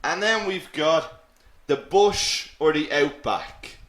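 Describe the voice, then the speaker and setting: A man's voice: fairly high pitch, slow, reverberant. A man teaching an English lesson, explaining words with frequent checks like "okay?" and self-mocking asides. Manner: lively, animated explaining with many "okay?" checks. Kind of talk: live online English lesson.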